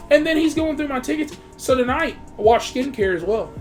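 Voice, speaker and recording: A man's voice: extremely high pitch, animated, a little fast, hardly any pauses, soft background music. A man reviewing a movie in a heated, profane rant, talking straight to his viewers. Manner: heated, swears heavily, talks straight to viewers. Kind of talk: profane ranting monologue.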